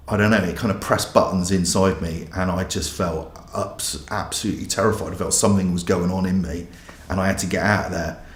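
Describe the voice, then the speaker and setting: A man's voice: deep voice, roomy sound. A man, a pastor giving a candid, self-mocking personal testimony. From England.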